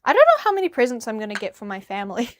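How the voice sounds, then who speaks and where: A woman's voice: on the high side, sing-song, very fast, slight background noise. A young woman from New Zealand chatting casually on a livestream while tidying her room, rambling and humming to herself. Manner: rambling, chatty, hums and sings nonsense syllables while tidying. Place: her bedroom.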